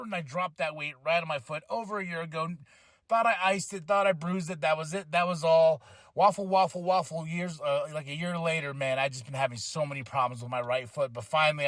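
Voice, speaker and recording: A fairly high-voiced man talks through a wrestling show on his own podcast, animated and full of asides. His voice is recorded close and dry, with no room sound. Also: no room sound. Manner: animated and rambling, with impressions and asides. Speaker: podcast host. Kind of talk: casual wrestling recap.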